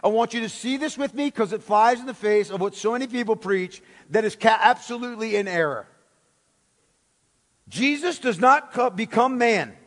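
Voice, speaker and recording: High-voiced emphatic preacher man. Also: expressive, moderate pace. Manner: emphatic, rhetorical questions, repeats key words. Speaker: pastor. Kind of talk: sermon. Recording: long hall reverb.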